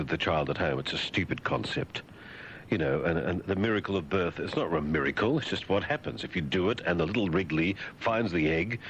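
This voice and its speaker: Deep sardonic Australian radio host. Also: male voice. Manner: sardonic, deadpan riffing with mock dialogues. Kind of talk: talk radio monologue. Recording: dull lo-fi radio broadcast with faint hiss.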